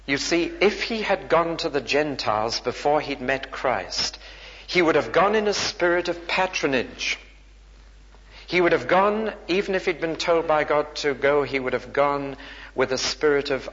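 A man's voice: mid-range voice, animated, moderate pace, a bit bright. A man preaching a sermon, earnest and rhetorical, his voice rising for emphasis. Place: church. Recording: dull recording in a reverberant church.

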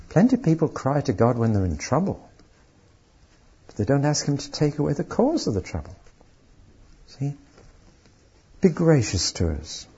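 A man's voice: medium pitch, sing-song, moderate pace, long pauses, warm tone, breathy edge, lo-fi sound. A man preaching a sermon, reading scripture aloud with strong emotional emphasis.

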